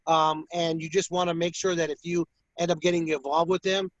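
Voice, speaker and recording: Lively boxing ring announcer, dull dry audio. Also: male voice, on the high side, a little fast, dry recording. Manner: animated storyteller, acts out fighters' voices. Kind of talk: casual interview talk.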